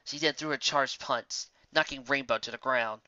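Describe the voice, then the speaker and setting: A woman narrating a storybook tale in a steady, plain reading voice, in a slightly muffled lo-fi recording. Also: rumbling low, normal speed, a little hiss or hum. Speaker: fan fiction reader.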